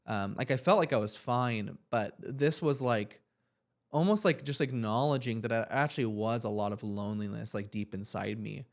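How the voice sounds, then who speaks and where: Co-hosting a laid-back podcast, this young man spins out a lengthy personal story in a fairly low voice with vocal fry. His pace is moderate, his manner earnest and reflective, and he rambles, using "like" again and again to fill gaps.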